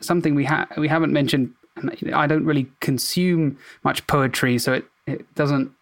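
A man who is a doctor, a guest on a podcast, talking thoughtfully with halting restarts. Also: on the high side, steady tone, gravelly. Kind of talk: casual podcast discussion.

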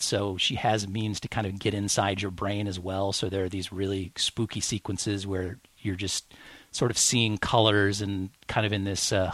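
Guy with a lowish voice rambling excitedly on a podcast, lots of ums, dry close mic. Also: no echo. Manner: enthusiastic, rambling with fillers and restarts. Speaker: podcast co-host. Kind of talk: casual chat.

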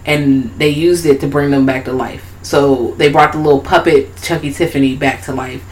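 A woman co-hosting a podcast, retelling a movie in casual chat with a profane, laughing, animated style. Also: a bass voice, moderate pace, a little hiss or hum, poor audio. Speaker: podcast co-host.

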